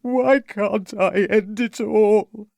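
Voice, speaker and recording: A man voicing a distraught, agitated young man who shouts frantically in an audiobook. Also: on the high side, lively intonation, moderate pace, breathy edge, no echo, clean studio sound, pitched above the performer's own voice. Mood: frantic.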